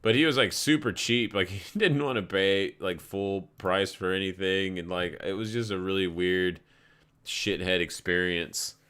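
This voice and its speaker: The crypto stream host here has a deep, smooth, slightly bright voice with fairly even intonation and a measured pace. He drifts casually between charts and stories, relaxed and rambling, swearing as he pleases.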